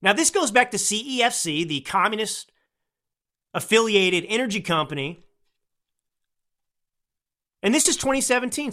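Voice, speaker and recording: A man hosting a political commentary podcast, talking into a close microphone in an animated, rambling way that swings from loud to hushed. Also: high-pitched. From United States. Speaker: podcast host. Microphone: close studio microphone.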